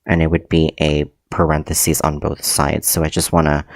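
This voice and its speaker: A man's voice: a bass voice, level tone, normal speed, creaky, no room sound. A man teaching a livestreamed math lecture, hesitant, with many ums and frequent self-corrections.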